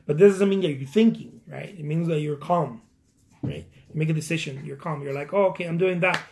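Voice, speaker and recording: A man's voice: fairly high pitch, gravelly, mellow, a little hiss or hum. A man, a painter, giving casual motivational career advice in a rambling way, repeating words and laughing at himself. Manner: quoting others in quick acted asides.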